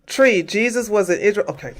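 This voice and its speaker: A woman's voice: medium pitch, expressive, fairly quick, soft background music. A woman hosting a livestream, ranting at her chat in a combative, profane, taunting way and hammering the same questions over and over. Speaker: livestream host. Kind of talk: heated livestream rant to chat.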